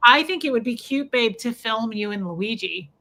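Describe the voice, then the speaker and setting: A young woman co-hosting a casual livestream chat, telling stories with gushing, animated energy. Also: on the high side, moderate pace, rough recording. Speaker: co-host.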